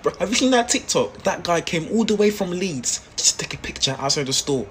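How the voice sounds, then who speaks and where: A man's voice: high-pitched, animated, brisk, a bit bright, slight background noise. A man playing a bored young store security guard in a comedy skit, laid-back and gossipy.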